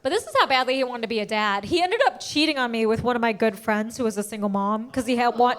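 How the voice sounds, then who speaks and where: A woman with a high, bright-pitched voice performs stand-up comedy on a stage into a handheld mic. She tells her stories with lively, animated energy and often laughs at her own punchlines. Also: fast, hardly any pauses.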